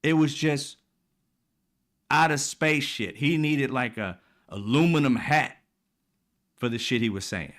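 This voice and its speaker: A man's voice: unhurried, pauses often. A man hosting a political commentary show, ranting casually in a profane, exasperated, mocking way. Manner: swings from loud and high to low and quiet.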